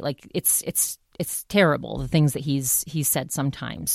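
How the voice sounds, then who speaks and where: A woman's voice: sits low, no echo, studio quality. A woman hosting her own podcast, talking casually in a rambling, chatty way with frequent restarts. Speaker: podcast host. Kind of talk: casual solo podcast monologue.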